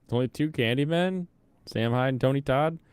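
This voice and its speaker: A man's voice: mid-range voice, brisk, a little mellow, clear, resonant tone, no echo. A young man from the Pacific Northwest giving casual commentary while playing a game, thinking aloud and chatting with viewers. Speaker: streamer.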